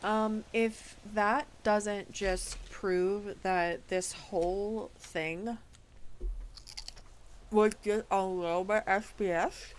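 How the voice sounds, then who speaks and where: A woman's voice: mid-range voice, fairly even intonation, extremely slow, slight background noise. A woman streamer casually reading documents aloud, breaking off with incredulous asides.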